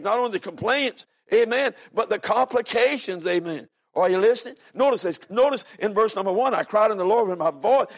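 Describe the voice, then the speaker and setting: A man, preaching a sermon with fervent swings from hushed storytelling to shouted cries, often calling out "amen.". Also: high-pitched. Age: 70s. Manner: peppers talk with "amen" and "are you listening". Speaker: visiting preacher.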